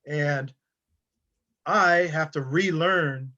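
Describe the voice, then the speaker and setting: A male high school wrestling coach, a podcast guest, telling stories in a loose, rambling way full of fillers and restarts. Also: very slow, bright, forceful tone. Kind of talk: casual conversational storytelling. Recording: dull lo-fi sound.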